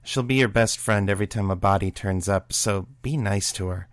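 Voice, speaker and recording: A man reading the part of a blunt, no-nonsense female homicide detective, brisk and exasperated. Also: fairly low pitch, dry recording, studio quality, close to an everyday voice. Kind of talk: audiobook reading of a serial story.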